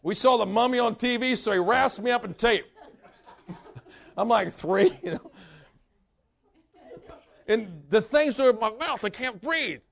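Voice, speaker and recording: A male preacher giving a sermon in a church, telling folksy personal stories with animated delivery and bursts of laughter. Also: very high-pitched, unhurried, gravelly, pauses often.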